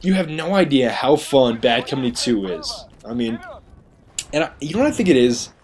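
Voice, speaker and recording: A man's voice: mid-range voice, sing-song, normal speed, darkish tone, slight background noise. A man giving a chatty, rambling voice-over commentary on a video game, often mocking himself. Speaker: gaming commentator.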